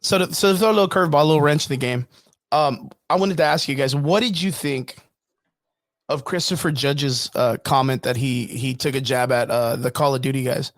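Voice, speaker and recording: A man's voice: medium pitch, fairly quick, dry recording, studio quality. A man co-hosting a casual podcast chat, easygoing and hedging his points with fillers. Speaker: podcast co-host.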